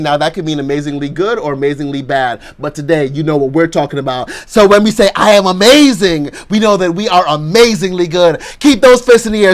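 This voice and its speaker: A male pastor giving a motivational sermon, chatting casually and then leading the congregation in slow, rising call-and-response affirmations. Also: a little high. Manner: conversational, chatty asides.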